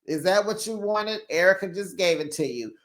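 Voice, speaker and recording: A lively recap host, mid-pitched, chatting through a reality show episode. The host scolds the cast directly and jumps into short put-on voices to act out their lines. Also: moderate pace. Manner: animated, talks straight to the show's cast. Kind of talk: casual commentary.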